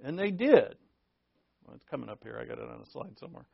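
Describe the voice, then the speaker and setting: A man's voice: mid-range voice, sing-song, quick pace, gravelly, slightly rough. A man preaching a sermon as pastor, talking in a conversational way and joking with the congregation. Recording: dull lo-fi recording.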